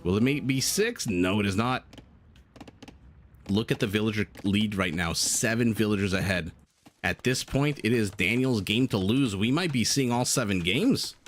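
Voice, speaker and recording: A man's voice: lowish voice, animated, normal speed, a little hiss or hum. A man casting a strategy game live, chatting and laughing with his viewers between plays. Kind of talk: live esports commentary with chat.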